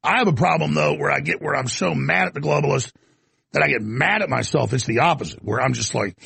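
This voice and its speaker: A man's voice: a little high, a little fast, gravelly, bright, forceful tone, slightly rough, no echo. A man hosting a show and giving an off-the-cuff commentary monologue, rambling with stammered restarts and coughing now and then. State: coughing, throat irritated. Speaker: show host.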